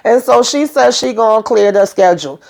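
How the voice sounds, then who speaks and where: A woman chatting casually as she recaps a show episode, animated and full of fillers, acting out the characters' lines. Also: a little high, a little fast, creaky. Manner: chatty, heavy on fillers like "you know".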